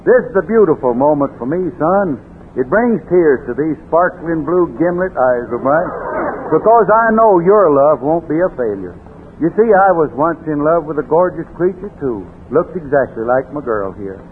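A man doing gruff, bantering patter as a father in a 1940s radio comedy sketch, breaking into song now and then. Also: fairly high pitch, sing-song, normal speed, a little hiss or hum. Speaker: comic playing a father. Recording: tinny old radio broadcast with music.

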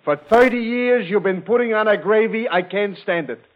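A man voicing a blunt, grumbling older husband in a low deadpan comic dialect on an old radio broadcast. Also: moderate pace, close to an everyday voice. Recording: tinny 1940s radio broadcast.

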